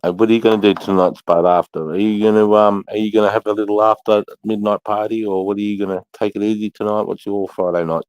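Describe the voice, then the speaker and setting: A man's voice: lowish voice, level tone, fast talker, hardly any pauses, darkish tone, clear, resonant tone, no room sound. A man hosting a live stream, chatting casually, greeting viewers and swearing freely. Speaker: livestream host.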